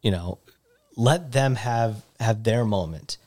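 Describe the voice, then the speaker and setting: A man hosting a podcast in casual chat, talking in an animated way with frequent halting restarts. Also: on the low side. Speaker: podcast host.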